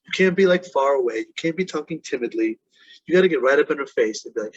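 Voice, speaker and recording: A man giving blunt, profane dating advice in a casual, animated way. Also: mid-range voice, fast talker, breathy edge, muffled recording. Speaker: dating coach.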